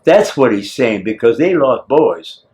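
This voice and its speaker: An older man, a war veteran, telling his story in an oral history interview with a teasing, lively manner. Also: medium pitch, a little slow. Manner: lively, acts out scenes, teasing.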